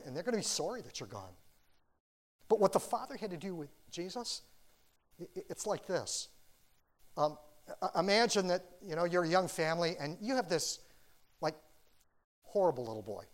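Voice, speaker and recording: A man preaching a sermon as a pastor, earnest, swinging from loud urging to hushed quiet. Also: fairly high pitch.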